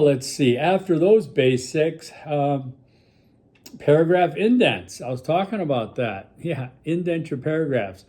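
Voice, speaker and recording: A man's voice: medium pitch, warm tone. A man from Milwaukee, a college instructor recording a casual video lecture for his class, full of fillers and constant "okay?" check-ins.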